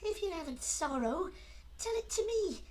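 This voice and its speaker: A prim, high-voiced young milkmaid. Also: male voice, big pitch swings, normal speed. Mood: earnest. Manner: prim, melodramatic falsetto. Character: young innocent village milkmaid, prim and dutiful. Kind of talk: comic operetta dialogue, one-man performance. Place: his room at home.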